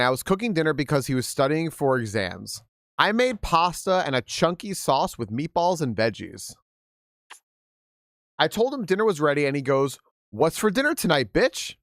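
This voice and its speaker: A man streaming a game and reading stories aloud to his chat, his voice sitting a little high and swinging widely in pitch. He talks candidly and swears freely, dropping laughing asides as he goes. The sound is close and dry, with no room around it. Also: very animated, normal speed, a bit bright, no echo.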